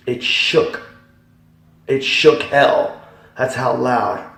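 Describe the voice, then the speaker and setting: Slow gravelly man in an echoey hall. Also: mid-range voice, far from the mic. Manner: emphatic, swinging from hushed to loud. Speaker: giving a Christian testimony. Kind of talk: dramatic spoken testimony.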